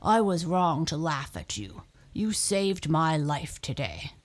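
A woman's voice: low-pitched, very animated, slow, full character voice. A woman voicing a huge, proud and grumpy male lion who roars and scoffs in a storybook tale. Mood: humble. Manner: loud roaring scornful.

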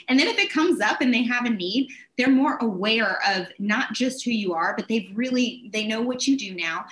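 Woman on a video call, high-ish voice, talks fast and lively, sales tips. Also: rough recording. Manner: energetic, animated, quick bursts. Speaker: sales guest. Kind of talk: casual interview advice.

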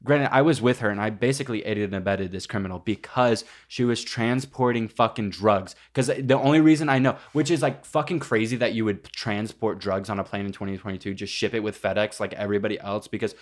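A man's voice: on the low side, fairly quick, hardly any pauses. A man telling a story in casual chat, rambling and profane, full of "like" fillers. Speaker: podcast co-host.

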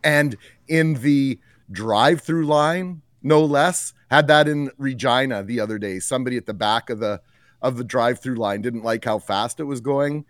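A man on a radio panel grumbling, his voice sinking to a low mutter. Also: normal speed, a bit bright, clean tone, no echo, studio quality. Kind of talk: casual radio panel chat.

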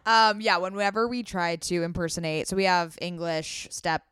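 A woman's voice: fairly low pitch, steady tone, moderate pace, fairly bright tone, clear, resonant tone, no room sound, clean studio sound. A young woman co-hosting a podcast in casual chat, playful and teasing, full of enthusiasm. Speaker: podcast co-host.

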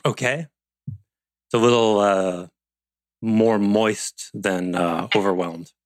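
A man's voice: fairly low pitch, takes it slowly, no room sound. A man teaching an online leadership class over a video call, rambling with playful asides and self-interruptions. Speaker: course instructor.

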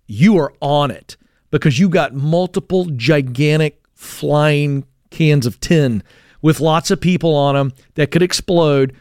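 A man's voice: a little high, a little mellow, no echo. Man, radio co-host, casual talk, fillers and restarts, dry studio sound. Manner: conversational, frequent fillers and restarts.

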